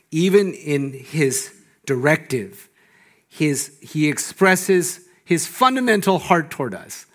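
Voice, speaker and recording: A male pastor preaching a sermon, animated and laughing often, swinging from loud emphasis down to hushed, low lines. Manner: laughs often between phrases.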